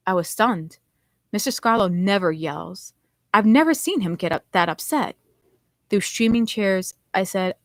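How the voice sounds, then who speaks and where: A woman's voice: medium pitch, normal speed, no echo. Woman author reading her novel aloud. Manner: expressive first-person narration.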